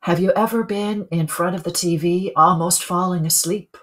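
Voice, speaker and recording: A middle-aged woman who coaches people on sleep, speaking calmly in a webinar and putting questions to her listeners. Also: lowish voice, normal speed. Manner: calm, teaching, asks the listeners questions. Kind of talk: webinar talk.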